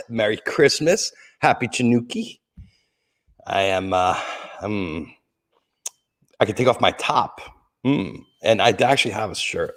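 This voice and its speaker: A middle-aged man chats casually to his livestream viewers from beside his Christmas tree. His voice sits a little low, and he rambles from joke to joke, greeting people by name. He coughs now and then between lines. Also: fairly bright tone. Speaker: livestream host.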